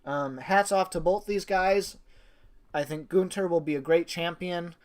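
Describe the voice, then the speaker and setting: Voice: medium pitch, a little slow, darkish tone. A wrestling reviewer talking in a casual spoken review, gushing and rambling with many fillers and restarts, and swearing casually.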